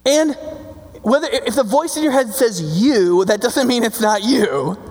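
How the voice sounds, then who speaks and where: A male pastor preaching in a loose, conversational way, tossing in quick asides to his listeners. His voice has a gravelly edge. The sound carries a long reverb, as in a large hall. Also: extremely high pitch. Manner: conversational, animated preaching with frequent "right?". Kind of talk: sermon.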